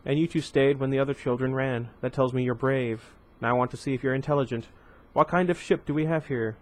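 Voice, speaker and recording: A man's voice: mid-range voice, fairly even intonation, fairly quick, close to an everyday voice. Casting: a man reading as a composed, condescending imperial commander, audiobook-style storybook voice. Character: cold, composed older male imperial commander.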